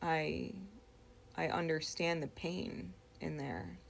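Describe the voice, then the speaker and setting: Slow, gravelly-voiced woman recounting a dream. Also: low voice, a little hiss or hum. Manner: slow, reflective, with frequent pauses and restarts. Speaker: storyteller.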